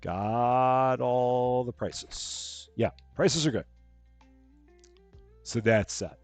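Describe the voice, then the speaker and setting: A man's voice: medium pitch, drawn-out words, darkish tone, dry recording, soft background music. A man hosting a live stream of a store-running game, chatting casually, reading out jokes and greeting chat viewers. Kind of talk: casual gameplay commentary.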